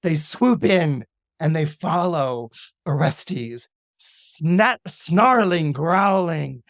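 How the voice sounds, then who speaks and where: A man, an astrologer guest on a podcast, retelling a Greek myth in a lively, dramatic way with casual asides. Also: on the high side, extremely slow, creaky, no echo, studio quality. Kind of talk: animated myth storytelling on a podcast.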